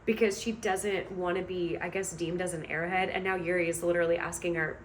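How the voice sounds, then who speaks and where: A woman's voice: lowish voice, fairly even intonation, a little fast, a little hiss or hum. A woman book vlogger retelling a story she is reading, in a chatty, amused way with many hedging asides.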